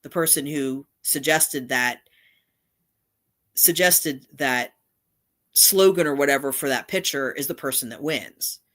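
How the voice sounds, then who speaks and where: A woman's voice: very deep voice, a little slow, long pauses, a bit bright. A middle-aged woman hosting a casual livestream, talking in a rambling way with many restarts and asides. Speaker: channel host.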